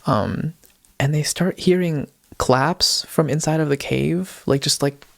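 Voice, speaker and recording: Young male co-host, casual rambling storyteller, fry in the voice, dry sound. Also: on the high side, measured pace, no room sound. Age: young adult. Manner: rambling, heavy use of "like" and "um". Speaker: podcast co-host.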